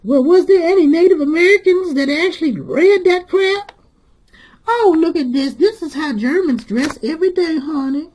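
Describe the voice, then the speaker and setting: A very high, shrill-voiced sassy church lady, as a man puts her on. She drawls with sugary sarcasm, calling everyone honey. A comedic character monologue. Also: expressive, moderate pace, a little mellow. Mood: sarcastic. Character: sassy sharp-tongued churchgoing woman.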